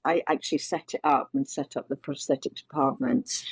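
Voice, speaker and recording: A woman's voice: deep voice, expressive, fairly quick, vocal fry, husky, no room sound. A middle-aged woman, a makeup designer, answering interview questions with earnest storytelling and frequent restarts.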